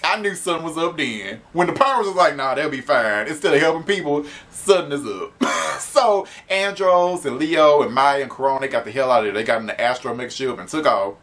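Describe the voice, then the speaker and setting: A man's voice: on the high side, expressive, fairly quick, fairly bright tone. A man giving a casual spoken comic book review, chatty, laughing often and swearing freely.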